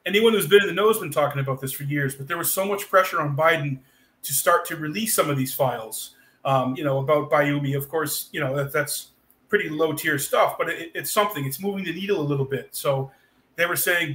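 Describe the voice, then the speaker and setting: Man, podcast co-host, from Boston, slightly high voice, forceful bright tone, rambling with fillers. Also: a little fast. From Boston, USA. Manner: long rambling monologues with many fillers and restarts. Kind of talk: casual podcast chat.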